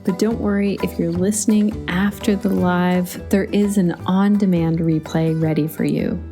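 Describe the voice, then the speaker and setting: A woman's voice: fairly low pitch, fairly even intonation, measured pace, dark tone, soft background music. A middle-aged woman hosting a solo podcast, chatty and storytelling, laughing easily. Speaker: podcast host.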